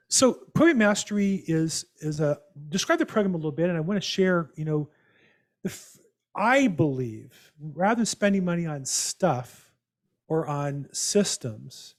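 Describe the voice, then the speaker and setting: A man hosting a real estate call, telling animated, rambling stories with many restarts over a video call. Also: a little high. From United States. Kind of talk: casual storytelling on a video call.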